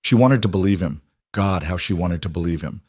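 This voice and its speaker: A man giving scripted narration of a frontier story in a slow, solemn, measured way. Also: deep voice, darkish tone, husky, dry recording.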